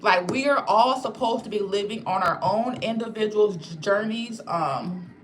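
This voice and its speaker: A young woman talks casually to her viewers on a live stream, candid and rambling, with easy swearing. Her voice sits at an ordinary middle pitch. A faint hiss of noise stays under her voice. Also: moderate pace. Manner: swears freely. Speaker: channel host reading live chat.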